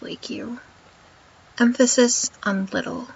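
A woman in a whispered role-play, talking in a domineering, teasing way with a breathy voice. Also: a little high, fairly even intonation. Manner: domineering and teasing, slow and deliberate. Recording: dull lo-fi recording.

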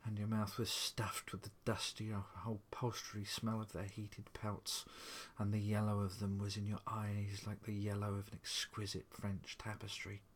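A man narrating a story aloud in a measured, vivid reading. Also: on the low side, completely flat delivery, breathy edge.

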